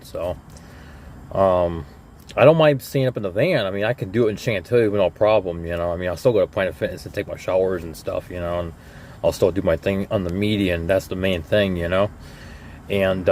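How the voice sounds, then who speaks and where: A man's voice: deep voice, darkish tone, a little hiss or hum. A young man talking casually on a live stream from his van, rambling and repeating himself with many "you know"s. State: coughing lately. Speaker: vlogger.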